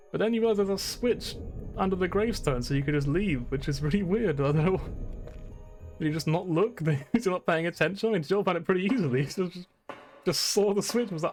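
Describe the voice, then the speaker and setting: A man's voice: on the high side, brisk, long pauses, a little mellow, soft background music. Rambling, swearing young male streamer. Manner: rambling, swearing, laughing, self-mocking. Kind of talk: casual gameplay commentary.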